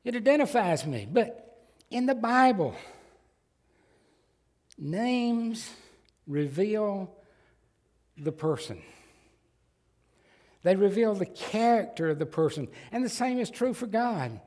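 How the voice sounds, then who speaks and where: A Southern-accented male pastor preaches slowly and deliberately, his fairly high voice swinging up and down with lively emphasis. He is folksy and emphatic and slips in joking asides. A long church-hall reverb trails after each phrase. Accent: Southern American. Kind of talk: sermon. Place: church sanctuary.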